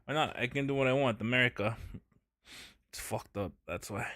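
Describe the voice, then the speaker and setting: A man's voice: medium pitch, moderate pace, a bit bright, dry recording, studio quality, soft background music. A man streaming a game, talking casually, joking and swearing in mock outrage. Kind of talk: casual gaming commentary.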